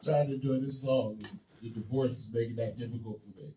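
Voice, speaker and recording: A man doing a stand-up set, laid-back and dry, breaking into loud shouted and sung bits. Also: mid-range voice, steady tone, fairly quick. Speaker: headlining stand-up comic. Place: small basement comedy room. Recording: roomy, far from the mic.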